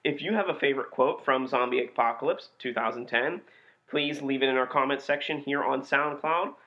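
A young man co-hosting a podcast, chatting casually with an animated, profane delivery. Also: medium pitch, a little fast. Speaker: podcast co-host reviewing B movies. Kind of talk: casual chat. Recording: dull lo-fi podcast recording.

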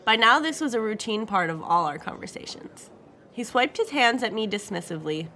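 A woman's voice: medium pitch, lively intonation, brisk, pushed and bright. Wry woman narrating a crime story. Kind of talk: first-person story narration.

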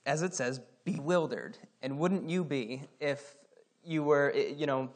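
A man from Scotland teaches through a Bible passage in a relaxed, conversational way, with a voice pitched a little high. He mixes fillers and asides with passages he reads aloud. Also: unhurried.

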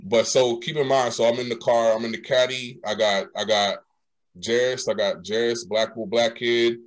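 A young man telling a story in casual chat, animated and slangy, acting out the lines of the people in it. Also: mid-range voice, moderate pace.

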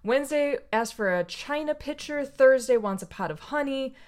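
Animated woman chatting about a book. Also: high voice, moderate pace. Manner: animated, acts out characters' lines in quotes. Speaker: podcast co-host. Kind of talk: casual chat about a picture book.

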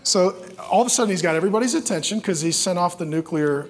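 A middle-aged male pastor preaching in a relaxed, conversational way, telling family stories and cracking self-deprecating jokes. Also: high-pitched, fast talker, noisy background. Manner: joking, self-deprecating storyteller.

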